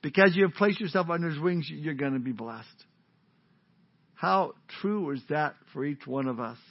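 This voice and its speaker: A pastor preaching a sermon in a casual, joking, conversational way, on a dull lo-fi recording. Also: male voice, fairly high pitch, normal speed. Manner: conversational, joking, warm-hearted.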